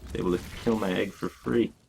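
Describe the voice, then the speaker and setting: Low-voiced man streaming a card game. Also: fairly even intonation, gravelly, a little mellow, a little hiss or hum. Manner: thinks aloud, plans moves in quick bursts; laid-back, talks to his chat casually. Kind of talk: live gameplay commentary.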